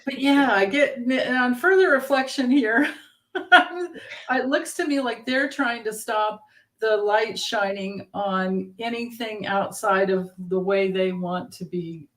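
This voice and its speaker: Slow-talking giggly woman. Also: fairly high pitch. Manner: giggly, reads out chat comments. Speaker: tarot reader. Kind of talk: casual livestream chat.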